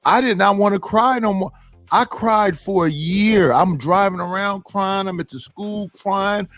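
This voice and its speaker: High-pitched gravelly dude, cussing a lot, real emphatic, dry sound. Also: male voice, measured pace, fairly bright tone, no echo, faint music behind. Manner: blunt and profane, emphatic. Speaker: podcast panelist. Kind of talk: casual chat.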